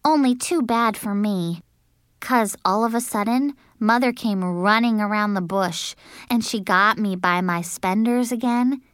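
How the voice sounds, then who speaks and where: Slow, expressive woman reading a children's book. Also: clear, resonant tone, no room sound, clean studio sound. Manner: expressive, childlike first-person storytelling with bursts of high shouting. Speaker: audiobook narrator.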